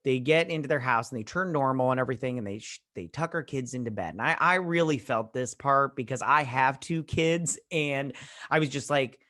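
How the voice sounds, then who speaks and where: A man at an ordinary middle pitch, talking loosely through an episode recap as a review-channel host. He rambles and restarts often, leaning on fillers as he goes. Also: brisk, a bit bright. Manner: heartfelt, saying he feels choked up.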